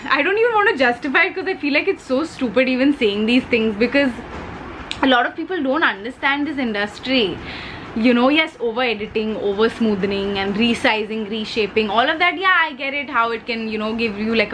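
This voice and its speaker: A woman's voice: on the high side, fairly bright tone, a little hiss or hum, low-quality recording. A young woman with an Indian English accent chatting casually as a beauty vlogger while she does her makeup, playful and talkative, dropping Hindi words.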